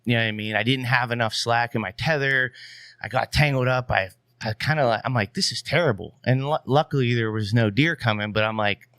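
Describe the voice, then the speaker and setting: A man who is a podcast guest, telling a story in a casual, animated way. He swears freely and keeps saying "you know what I mean.". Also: medium pitch, brisk, clean tone, no room sound.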